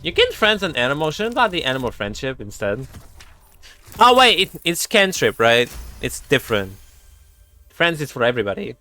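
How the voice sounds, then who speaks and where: A man streaming a video game, chatting casually and excitably, cooing fondly at animals and laughing often. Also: medium pitch, moderate pace, soft background music. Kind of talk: casual gameplay commentary.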